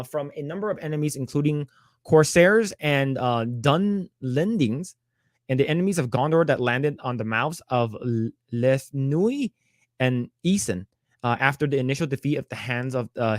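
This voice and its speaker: A man co-hosting a casual talk show, reading headlines and then commenting on them. His voice sits at a middle pitch, and the sound is close and dry with no room around it. He often stalls on repeated words and fillers such as "uh.". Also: dry recording. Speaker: podcast co-host. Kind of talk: casual chat reading news.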